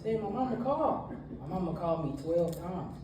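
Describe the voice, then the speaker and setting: A man in his thirties preaching a casual, animated storytelling sermon that is full of laughs, with a nervous edge. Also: sits high, fairly quick, very noisy. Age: 30s. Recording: echoey room from a distance.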